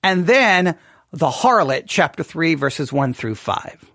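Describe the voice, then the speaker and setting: A man's voice: on the high side, very animated, slow pace, bright, forceful tone, dry recording, studio quality. A man teaching a Bible study class, thinking aloud and asking many rhetorical questions.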